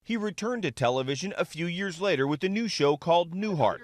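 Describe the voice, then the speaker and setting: A male correspondent narrates a news feature piece. He speaks in an even, polished way. His voice is slightly high for a man. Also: fairly quick, background noise. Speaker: network correspondent.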